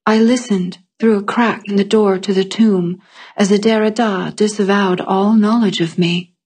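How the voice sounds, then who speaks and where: A woman narrating a first-person fantasy story in a calm, measured storytelling manner. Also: mid-range voice, slightly rough. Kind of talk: scripted fiction narration.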